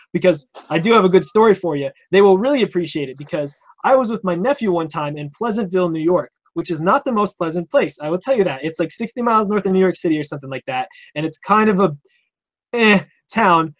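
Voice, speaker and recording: Fast-talking young man telling stories. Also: sits high. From Vermont. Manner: rambling, animated, acts out quoted cops. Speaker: interview guest. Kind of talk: casual storytelling.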